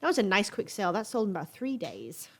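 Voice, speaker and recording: A woman's voice: mid-range voice, very animated, fast, fairly bright tone. A woman vlogging about her weekly resale sales in a casual, chatty way, full of ums and little asides, sounding stuffed up from allergies. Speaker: online reseller vlogger. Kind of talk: casual chat to camera.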